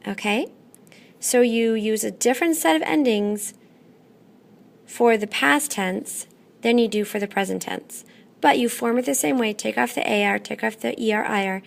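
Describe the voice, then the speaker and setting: A woman teaching a classroom lesson, patient and methodical, often pausing to check in. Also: fairly high pitch, vocal fry. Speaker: Spanish teacher.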